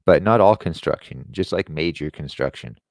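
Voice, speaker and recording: A man's voice: very deep voice, animated, moderate pace, darkish tone, no echo, studio quality. A man hosting an online show, ranting in a sarcastic, profane way. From Quebec. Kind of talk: ranting commentary.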